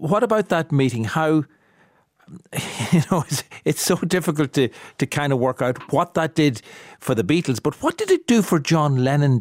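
A man's voice: medium pitch, a little mellow, no room sound. A man in the host's seat asks long, meandering questions and stumbles over his words, restarting often. His voice sounds dry and close, with little room sound around it. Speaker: radio interviewer host. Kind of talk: interview questions.

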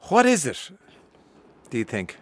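A man's voice: medium pitch, huge pitch swings, measured pace, fairly bright tone. A man with an Irish accent hosting a radio interview, chatty and teasing, often repeating himself. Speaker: radio host.

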